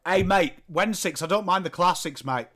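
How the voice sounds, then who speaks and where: Northern english bloke doing a footy watchalong, high bright voice, unhurried, yells on the big plays. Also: male voice, a little hiss or hum. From England. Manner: chatty calls that burst into shouts at big plays, swears casually. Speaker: livestream host. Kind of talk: live football watchalong commentary.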